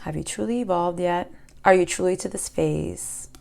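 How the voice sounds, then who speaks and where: A woman giving a spiritual tarot reading to camera, impassioned, swinging from loud outbursts to hushed near-whispers. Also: on the low side, moderate pace, vocal fry. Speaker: tarot reader.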